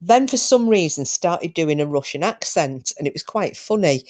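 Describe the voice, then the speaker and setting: A woman's voice: on the low side, animated, normal speed, warm tone. A woman hosting a podcast, telling a story in a chatty, rambling way with frequent ums. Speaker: podcast host. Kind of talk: casual chat.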